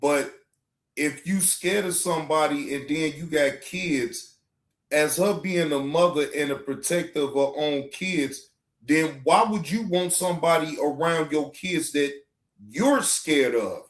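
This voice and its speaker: Slow-talking male reaction host. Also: on the high side. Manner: preachy, repeats himself, asks "right?". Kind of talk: casual commentary.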